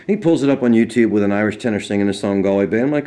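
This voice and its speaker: A man, a singer-songwriter, telling a loose, relaxed anecdote in an interview, acting out the other people's words as he goes. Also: lowish voice, racing, hardly any pauses. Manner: relaxed, loose, with fillers and acted-out quotes. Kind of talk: casual anecdotal storytelling.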